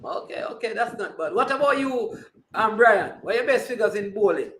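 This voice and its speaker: High-voiced Jamaican man hosting sports talk. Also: lively intonation, fairly quick, fairly bright tone, roomy sound, slight background noise, poor audio. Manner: teasing, banter-heavy, slips into patois. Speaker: sports talk show host. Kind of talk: casual sports talk livestream.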